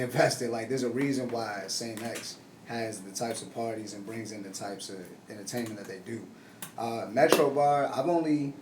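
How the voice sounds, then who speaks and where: A man's voice: medium pitch, a little mellow. Laid-back DJ guy, echoey distant mic. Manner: laid-back, loose, swears and says bruh. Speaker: DJ guest. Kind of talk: casual podcast chat. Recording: echoey room, distant mic, faint noise.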